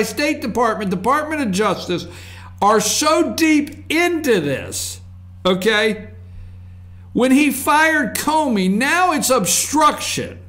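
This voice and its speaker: A man's voice: very high voice, bright, forceful tone. A man hosting a political commentary show, ranting sarcastically and mocking people's voices.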